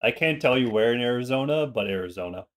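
A man's voice: mid-range voice, animated, fast, a bit bright. A young man with a slight Minnesotan accent, a streamer and former Marine, chatting loosely and profanely while playing a game. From Minnesota, USA. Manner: loose, rambling, profane banter. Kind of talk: casual gaming chat on stream.

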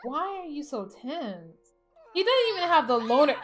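A woman giving casual let's-play commentary, chatty and excitable, talking to her game characters as she plays. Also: high-pitched, moderate pace, soft background music. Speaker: gaming channel host.

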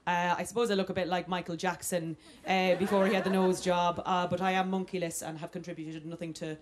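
A woman's voice: fairly low pitch, little pitch movement, fairly quick. A young Irish woman hosting a live stand-up comedy night, chatty and self-mocking, breaking into squealed exclamations. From Ireland. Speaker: comedy host. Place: live comedy venue with audience. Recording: live stage recording with audience noise.

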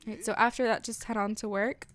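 A woman hosting a casual let's-play, chatting and gushing excitedly as she narrates her game. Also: on the high side, a little fast. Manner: bubbly, gushing, chatty with lots of "like" and "freaking". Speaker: gaming channel host.

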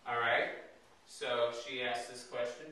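A male Hebrew teacher with a medium-pitched, pushed and bright voice talks a little slowly and with fairly even intonation. He questions his students and keeps checking understanding with "okay?" after each point. Heard from afar in an echoey room, the clip has slight background noise.

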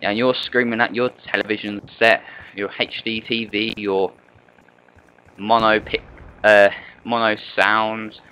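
Rambling guy with a bright, forceful voice. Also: lowish voice, level tone, measured pace, dull audio, a little hiss or hum. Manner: rambling, chatty, full of rhetorical questions. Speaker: gaming channel host. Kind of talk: gameplay commentary.

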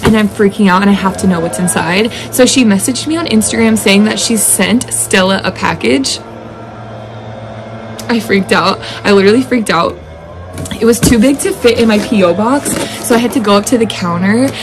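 A young woman with a Southern US accent, talking in a casual home vlog. She gushes and gets excitable, with lots of fillers. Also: medium pitch, music in the background. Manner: gushing and excitable, fast filler-heavy talk. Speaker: vlogger. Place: home indoors. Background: lawn equipment outside.

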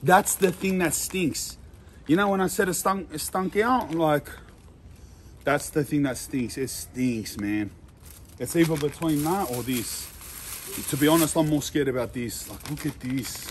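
A young man vlogging a food challenge in a loud, slangy way, full of exaggerated disgust. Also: fairly high pitch, a little slow, a little hiss or hum. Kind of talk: casual vlog.

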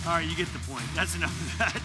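A man preaching a sermon as teaching pastor, animated and conversational, with asides to the congregation. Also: fairly high pitch, fast talker, big-room sound, over loud music. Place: church auditorium.

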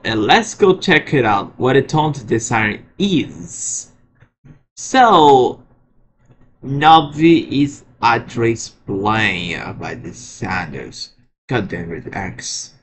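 A man presenting his alarm sirens in a casual show-and-tell vlog, often halting and restarting his sentences. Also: medium pitch, a little hiss or hum. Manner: halting, frequent restarts and repeated words. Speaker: vlogger showing alarm sirens.

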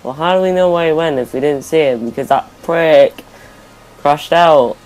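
A man's voice: fairly high pitch, normal speed, a little mellow. A young man giving rambling, self-correcting let's play commentary over his gameplay as a gaming YouTuber.

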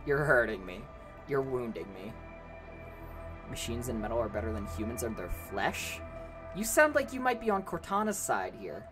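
A young woman streaming a game live, animated and laughing as she banters with her chat and an AI companion. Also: extremely low pitch, moderate pace, over music.

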